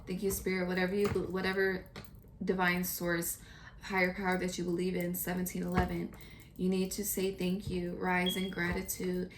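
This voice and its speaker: A woman giving a casual, earnest tarot reading, chatty and pausing often to pray or gather her thoughts. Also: lowish voice, completely flat delivery, noisy background. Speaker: tarot reader.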